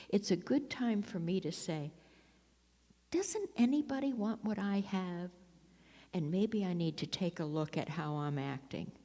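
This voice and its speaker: A woman's voice: low voice, mellow. Older woman telling stories in an echoey hall. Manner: chatty, self-mocking, laughs often, restarts. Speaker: speaker at a recovery meeting. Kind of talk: personal recovery talk. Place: meeting hall. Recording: long echo of a hall.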